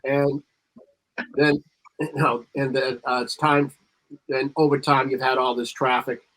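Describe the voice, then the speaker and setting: A man's voice: medium pitch, level tone, measured pace, fairly bright tone. A man on a marketing panel talking casually and rambling, reading bits of ad copy aloud with extra emphasis. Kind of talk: casual chat.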